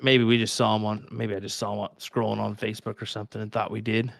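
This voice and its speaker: Casting note: man with a Kansas accent, low voice, dry close mic, chatty darts commentator. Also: quick pace, vocal fry, dry recording. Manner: chatty, laughs often, lively storytelling. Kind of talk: live sports commentary banter.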